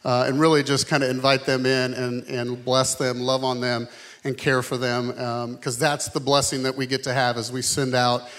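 A man's voice: medium pitch, flat delivery, moderate pace. A man speaking as pastor from a church stage, casual with frequent fillers, then leading a prayer. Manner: warm-hearted, casual, many fillers.

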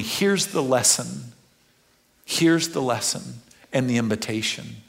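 Male pastor, sermon delivery, conversational, swings from hushed to loud and emphatic. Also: medium pitch, slow pace, gravelly. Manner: conversational, with restarts and asides.

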